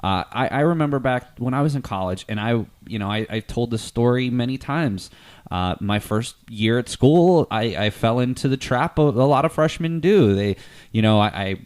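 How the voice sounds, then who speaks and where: A man hosts a college podcast and chats in a relaxed way with his guest. He restarts sentences often, and his voice sits in the middle pitch range. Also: normal speed, clear, resonant tone. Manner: conversational, repeats words as he restarts. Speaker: podcast host, college faculty. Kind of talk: casual interview chat.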